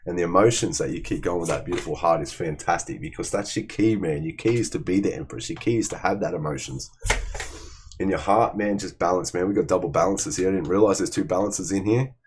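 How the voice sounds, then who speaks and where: A man's voice: sits low, fairly quick, a little hiss or hum. A man giving a casual tarot reading, blunt and profane, often calling the listener "man". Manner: blunt, swears freely, calls listener "man". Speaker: tarot reader.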